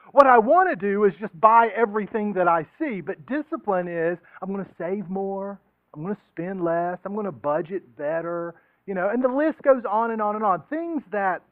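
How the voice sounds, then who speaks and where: High-voiced joking male preacher, tinny sound. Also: dry recording. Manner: joking, conversational, acts out quoted voices. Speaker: pastor. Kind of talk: casual sermon.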